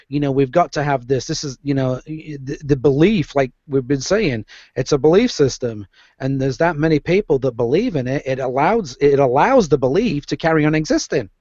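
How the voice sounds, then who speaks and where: Kiwi guy chiming in agreeably, slightly high voice, muffled dry audio. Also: moderate pace, darkish tone, no room sound. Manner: agreeable, explaining at length. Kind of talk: casual online chat. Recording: dry, dull lo-fi sound.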